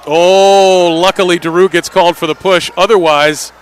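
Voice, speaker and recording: A man doing live play-by-play commentary on an indoor soccer match, with quick calls that rise sharply on big plays. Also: high-pitched, fairly even intonation, smooth.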